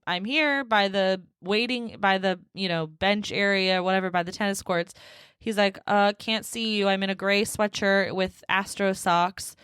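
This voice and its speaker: A woman's voice: mid-range voice, a bit bright, smooth, no room sound, clean studio sound. A young woman hosting a solo podcast, telling a dating story in a sassy, exasperated way and laughing often. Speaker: podcast host.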